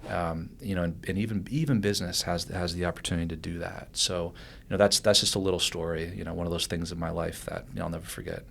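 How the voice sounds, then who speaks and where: A man with a very low voice tells a long personal story on a podcast. He rambles, restarts his sentences and fills the gaps. A faint rumble sits under the recording. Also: fast talker, vocal fry, hardly any pauses. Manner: animated, rambling with restarts and fillers. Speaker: guest.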